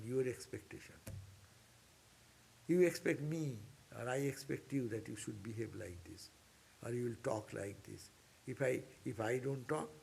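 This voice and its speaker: A monk leads an informal scripture class, his medium-pitched voice creaky and mellow with a breathy edge. He is earnest and exhorting, repeating key points and breaking into sudden upward bursts.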